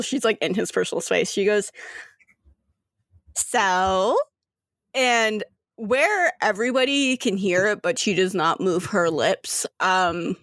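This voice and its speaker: A woman's voice: medium pitch, fairly bright tone, no room sound. A woman narrating a tabletop role-playing game as game master in a chatty, giggly way, with many fillers.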